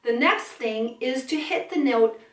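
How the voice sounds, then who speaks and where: High-voiced woman vocal coach, roomy sound. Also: expressive, unhurried, recorded from a distance. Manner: demonstrates sirens and vocal sounds. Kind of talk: singing lesson.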